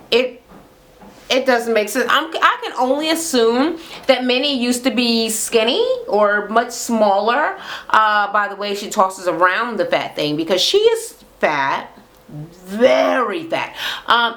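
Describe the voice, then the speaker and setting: A woman's voice: mid-range voice, fairly bright tone. Woman vlogger, blunt and profane, sarcastic recap rant with rhetorical questions.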